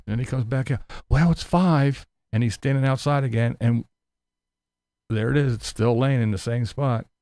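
A man's voice: medium pitch, fairly even intonation, moderate pace, warm tone, no room sound. A man hosting a live-stream commentary, sarcastic and mocking, swearing freely and laughing often as he rants and answers chat. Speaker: YouTube commentary host reading live chat.

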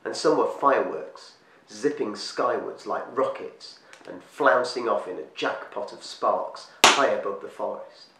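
A man reading a storybook aloud as storyteller, slowing and hushing his voice for eerie moments. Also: lowish voice. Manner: slows and hushes for eerie moments. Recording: echoey room, distant mic, faint hiss.

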